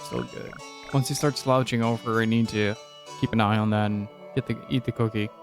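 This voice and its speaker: A man's voice: lowish voice, fairly even intonation, a little fast, music in the background. A man streaming a video game, making offhand, self-deprecating commentary as he plays. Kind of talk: casual gameplay commentary.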